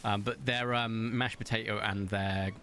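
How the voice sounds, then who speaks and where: A man streaming a game, chatting casually, reading viewers' messages aloud and telling stories, with big playful jumps in pitch. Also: fairly even intonation, a little slow, pushed and bright, a little hiss or hum. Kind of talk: casual chat while gaming, reading chat aloud.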